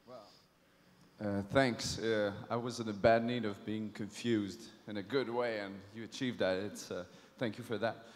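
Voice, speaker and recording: A man's voice: fairly low pitch, steady tone, normal speed. Hesitant man asking from the audience. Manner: hesitant, polite. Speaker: audience member asking a question. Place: large hall, from the audience. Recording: reverberant hall, voice from a distance.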